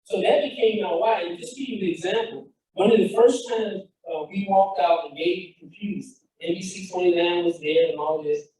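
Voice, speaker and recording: A man's voice: high-pitched, normal speed, few pauses, mellow, far from the mic. A man giving a fired-up motivational talk as a founder, telling a story with quoted dialogue. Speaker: founder and speaker. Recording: echoey hall, speaker off-mic.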